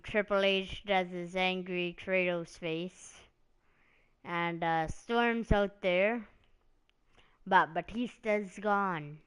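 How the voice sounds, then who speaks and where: A woman talking wrestling on a live stream in a slow, easygoing ramble. Her voice is smooth and clean, and she drifts between thoughts with plenty of "like" and "um." She keeps it loose and conversational. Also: on the low side, a bit bright. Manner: rambling, meandering, heavy on "like" and "um". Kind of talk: casual live-stream commentary.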